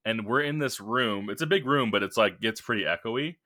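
A man's voice: fairly low pitch, brisk, sharp tone. A young man co-hosting a podcast, casually telling a work story in a rambling way with lots of fillers and restarts. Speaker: podcast co-host.

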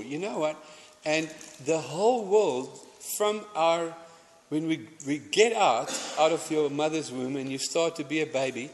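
A man's voice: fairly high pitch, slight background noise. A man preaching a sermon, chatty and anecdotal, often restarting his sentences. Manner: conversational, anecdotal, stumbling restarts, mixing in Afrikaans phrases. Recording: long hall reverb.

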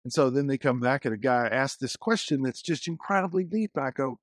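A man, a guest minister, telling lively stories in a casual podcast conversation, full of restarts and acted-out quotes. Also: mid-range voice, fairly quick, dry recording, studio quality. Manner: storytelling, animated quotes, many restarts.

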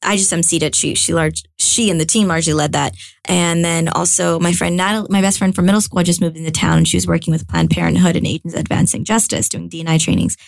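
Chatty young woman with a gravelly edge. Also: on the low side, fast, no room sound. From United States. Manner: chatty and animated, lots of filler words and restarts. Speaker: guest, actress and comedian. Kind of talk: casual interview chat.

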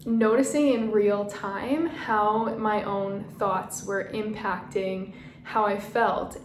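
A young woman telling a personal story in a casual, chatty way, often saying "like" and laughing at herself. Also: mid-range voice. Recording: roomy echo, faint background noise.

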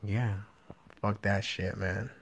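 A man's voice: lowish voice, fairly even intonation, takes it slowly, gravelly, slightly rough. A man in his twenties from California hosting a casual podcast chat, loose and full of fillers and swearing. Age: 20s. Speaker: podcast host.

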